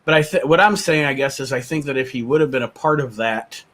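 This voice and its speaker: A man's voice: mid-range voice, fast talker, a bit bright. A man co-hosting a podcast, talking casually with many restarts and fillers. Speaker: podcast co-host. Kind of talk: casual chat recapping wrestling.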